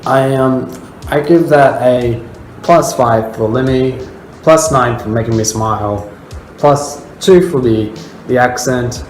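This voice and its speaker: A man's voice: medium pitch, takes it slowly. An Australian man reviewing viewer memes in casual, rambling commentary full of fillers. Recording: roomy with faint music.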